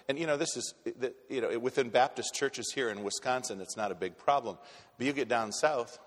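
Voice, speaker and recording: A male pastor preaches in a plain, conversational way, blunt and direct, often stumbling into restarts before pressing on. His mid-pitched voice rings out with the long reverb of a church sanctuary. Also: brisk. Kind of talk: sermon.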